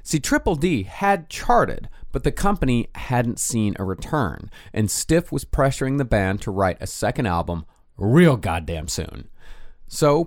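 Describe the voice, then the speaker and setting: A man's voice: on the low side, dry recording, studio quality. A man co-hosting a podcast in casual chat, laid-back and laughing often, swearing freely. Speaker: podcast co-host.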